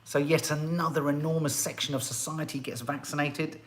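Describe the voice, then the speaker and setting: Speaking at normal speed in a higher, steady voice, a man hosts a casual live stream. His talk is chatty and meandering, with frequent restarts and asides, as he reads out comments from viewers.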